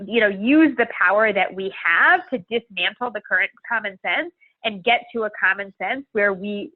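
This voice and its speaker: A woman guest in a podcast interview who speaks earnestly and emphatically, thinking aloud as she talks. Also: mid-range voice. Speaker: guest, climate organizer. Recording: tinny phone-like call audio.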